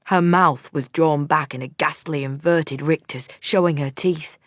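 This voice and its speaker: A woman narrating a first-person audiobook in a measured, steady storytelling manner. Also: sits low, no echo, clean studio sound.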